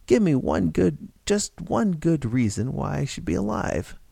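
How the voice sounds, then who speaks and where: A man plays a fed-up young bank clerk in a read-aloud story. He sounds frustrated and scornful and slides into despair. The voice is warm and gravelly and dry. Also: a little high, sing-song, unhurried, no room sound, pitched above the performer's own voice, heavily acted. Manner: frustrated, scoffing, despairing outbursts.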